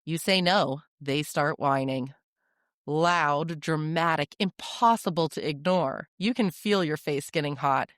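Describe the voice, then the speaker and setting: Calm, direct parenting-advice host. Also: medium pitch, measured pace, dry recording, studio quality.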